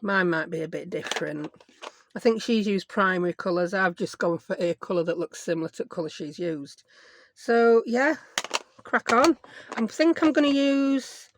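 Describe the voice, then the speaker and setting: A woman with a mid-range voice chats casually as a craft vlogger at her home desk, rambling along with self-mocking asides while she crafts. A faint hiss or hum sits in the recording.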